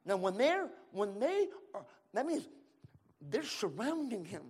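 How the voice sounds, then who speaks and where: A male pastor from Central California preaching a sermon, calling out to the room and repeating his lines as he builds to shouts. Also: high voice, sing-song, a little slow, husky. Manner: calls to the room and repeats himself.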